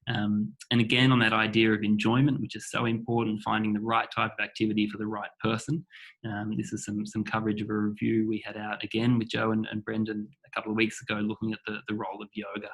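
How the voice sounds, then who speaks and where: A man wraps up his online research presentation, talking quickly and repeating words as he goes. His low voice stays flat, with little rise and fall. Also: rough recording. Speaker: researcher giving a talk. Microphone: video call.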